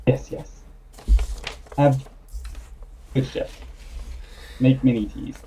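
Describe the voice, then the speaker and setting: A man voicing a gentle tea shop worker in a tabletop game, speaking softly and hesitantly. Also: mid-range voice, steady tone, drawn-out words, a little hiss or hum, rough recording. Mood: wistful.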